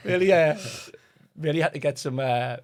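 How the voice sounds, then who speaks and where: A man's voice: a little high, moderate pace, a little mellow. A man, telling football anecdotes in a chatty, laughing podcast conversation. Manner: chatty, laughing storyteller who reads out stories sent in. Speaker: podcast co-host.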